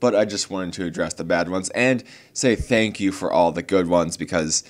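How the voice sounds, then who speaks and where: A young man speaks casually to his viewers with a notably deep, low-pitched voice. He rambles, restarts sentences and leans on fillers, sounding earnest and a little exasperated. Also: normal speed. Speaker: card game channel host. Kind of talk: casual talk to camera.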